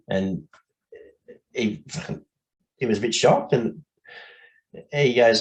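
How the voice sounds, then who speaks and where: A man's voice: medium pitch, slow, pauses often, darkish tone, low-quality recording. Candid Australian man, podcast guest. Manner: candid, blokey, swears, laughs easily. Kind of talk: casual podcast interview.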